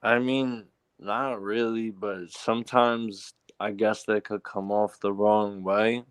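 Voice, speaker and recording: A man calling into a casual talk show, easygoing and unhurried in his answers. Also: on the low side, steady tone, smooth, dry recording. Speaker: guest caller. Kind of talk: casual live show chat.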